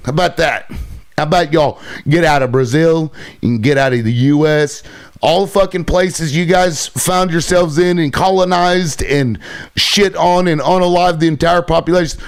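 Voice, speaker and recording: A man's voice: a little high, normal speed. A man hosting a livestream, ranting with heavy swearing and sarcasm, irritated. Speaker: livestream host. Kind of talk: profane livestream rant.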